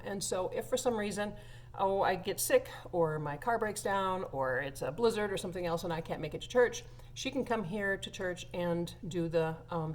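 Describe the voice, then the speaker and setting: A church organist tells viewers a funny anecdote in a chatty way, full of fillers and laughter. Her voice is fairly low, with slight background noise.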